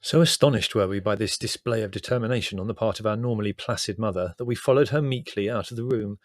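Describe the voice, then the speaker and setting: A man's voice: lowish voice, quick pace, dry recording. A man reading a comic memoir aloud in a wry, dry and understated storytelling manner. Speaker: narrator.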